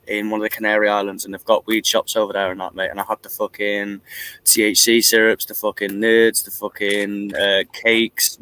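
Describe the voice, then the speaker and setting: A man's voice: lowish voice, pushed and bright. A young man hosting a stream, chatting casually, rambling and swearing constantly, laughing often. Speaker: stream host. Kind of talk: casual chat.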